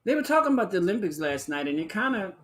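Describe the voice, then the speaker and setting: A man hosting a live-stream talk show, chatting in a sassy, flamboyant way, calling listeners honey and child and breaking into high whoops. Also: sing-song, very fast, a bit bright. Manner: bursts into high whooping exclamations. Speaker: livestream show host. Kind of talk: casual live-stream chat.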